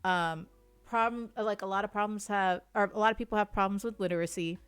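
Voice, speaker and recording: A woman's voice: medium pitch, quick pace, fairly bright tone, clean tone, no echo, faint music behind. A woman co-hosting a livestreamed podcast, chatting casually, laughing often and swearing, with sentences that trail off. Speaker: podcast co-host. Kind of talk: casual chat. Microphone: streaming mic.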